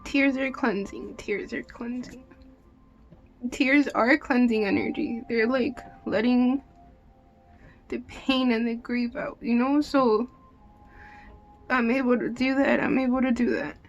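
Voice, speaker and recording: A woman's voice: on the high side, steady tone, measured pace, highs cut off, soft background music. A woman giving a casual tarot reading in a loose, emotional way, swearing often and saying "like" a lot. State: teary at times. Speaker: tarot reader.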